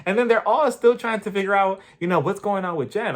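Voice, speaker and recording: Lively man recapping a TV episode. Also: sits high, fairly quick. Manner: animated storytelling, acting out others, frequent laughter. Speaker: TV episode reviewer. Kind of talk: casual recap vlog.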